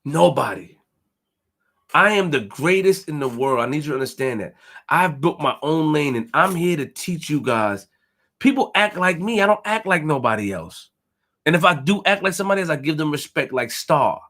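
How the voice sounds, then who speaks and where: A man's voice: a little high, animated, normal speed, fairly bright tone. A young man hosting a live stream, ranting boastfully and emphatically, repeating his phrases and tripping over words. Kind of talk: fired-up live-stream rant.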